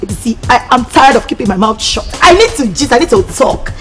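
A restless young wife who can't stop gossiping, speaking with a Nigerian accent and slipping into Pidgin. Her pitch jumps all over with excitement, and her exclamations come thick and fast. A film score plays clearly beneath her. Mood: animated. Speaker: actress in a film. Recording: film audio with music beneath.

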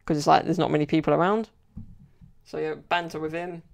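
A man's voice: a little high, little pitch movement, brisk, creaky. A young man telling stories in a casual solo podcast, rambling and chatty with lots of "like" and "you know". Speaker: podcast host.

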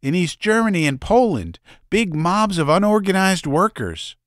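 A man's voice: sits high, lively intonation, normal speed, no room sound, studio quality, pitched above the performer's own voice. Man voicing a breathless earnest young woman, raised voice, audiobook. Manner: breathless, correcting.

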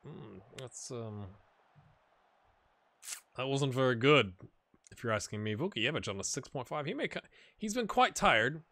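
Excitable rambling man in dry close audio. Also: medium pitch, a little slow, pauses often, no echo. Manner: rambling, excitable bursts over match play. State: throat feels rough. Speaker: gaming commentator. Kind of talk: casual let's-play commentary.

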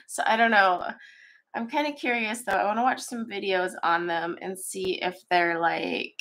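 A woman's voice: fairly high pitch, takes it slowly, fairly bright tone. A woman hosting a casual coloring livestream from her home art studio, chatty and rambling with many ums, her voice stuffy and congested, on a webcam mic. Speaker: coloring channel host.

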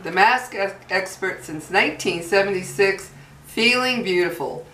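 A woman chatting casually to camera in a product review vlog, folksy and drawn-out on her emphasis. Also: on the low side, fairly bright tone. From New Mexico. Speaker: beauty vlogger. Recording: echoey room, far from mic.

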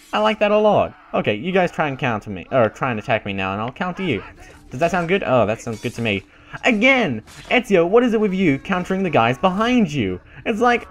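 A young man commenting on his own gameplay, his fairly high voice jumping all over the place as he reacts. He's excitable and sarcastic, cracking jokes at the game's expense between bursts of frustration. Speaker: gaming channel host. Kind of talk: let's-play commentary.

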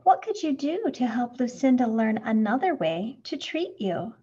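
A woman reading a storybook, voicing a gentle schoolteacher who speaks in a calm, soothing way. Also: fairly high pitch, moderate pace, slightly rough, lo-fi sound. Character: gentle patient female schoolteacher.

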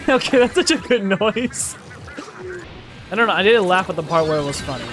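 A young man giving swear-heavy, excitable let's play commentary, laughing often. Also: sits high, normal speed. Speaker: gaming YouTuber. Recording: faint game music behind.

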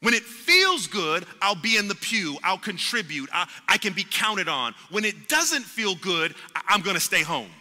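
Impassioned high-voiced man preaching, bright. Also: sing-song, normal speed, few pauses. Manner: impassioned preaching with repetitions and acted-out quotes. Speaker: pastor. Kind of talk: sermon. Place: church sanctuary. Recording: long hall reverb in a church.

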